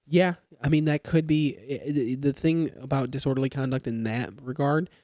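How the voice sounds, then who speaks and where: Young man, mellow dry voice. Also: mid-range voice, steady tone, normal speed, no echo. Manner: explains with examples, many fillers and restarts. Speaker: police trainee or new officer. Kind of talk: casual podcast chat. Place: podcast studio in a garage. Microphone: studio mic.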